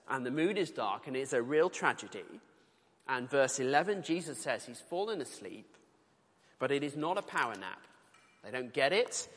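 A man's voice: medium pitch, fairly bright tone. A British man preaching a sermon, earnest and conversational, with colloquial asides while reading scripture. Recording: long reverb of a large hall.

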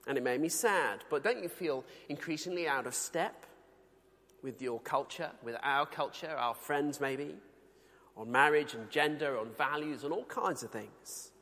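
A man from the UK preaching a sermon in a conversational, earnest way, slowing down to read scripture. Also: on the high side, fairly bright tone, long reverb tail. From United Kingdom.

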